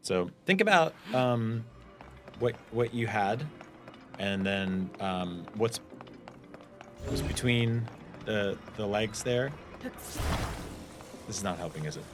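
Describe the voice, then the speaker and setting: A man's voice: on the low side, expressive, slow, long pauses. A man as a guest on a casual video game session, giving hints hesitantly with many fillers. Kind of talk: casual let's play banter. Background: music.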